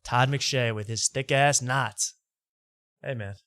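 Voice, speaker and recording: A man's voice: mid-range voice, fairly even intonation, slow pace, a bit bright, clean tone, no echo, clean studio sound. A man hosting a podcast, chatting casually and joking while reacting to old clips. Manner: loose, joking commentary. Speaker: podcast host.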